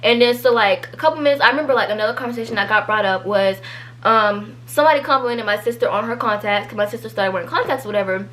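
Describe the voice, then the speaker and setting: A woman's voice: fairly high pitch, quick pace, fairly bright tone. A teenage girl telling a casual storytime, chatty and full of fillers, livening up when she quotes people. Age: teens.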